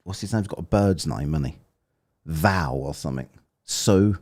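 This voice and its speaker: Low, lively English man on stream. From England. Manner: chatty, rambling, quick to joke and laugh. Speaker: streamer reviewing a debate and reading chat. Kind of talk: casual live-stream commentary.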